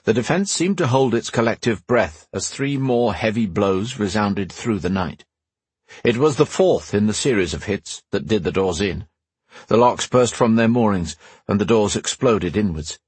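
Measured storyteller, husky man, low-set voice, dry booth, for fantasy narration. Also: expressive, a little mellow, dry recording. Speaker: audiobook narrator.

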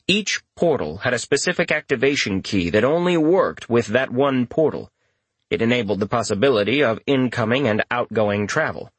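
A man narrating a fantasy audiobook with expressive, animated delivery. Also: medium pitch, slightly rough, dry recording. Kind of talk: scripted narration.

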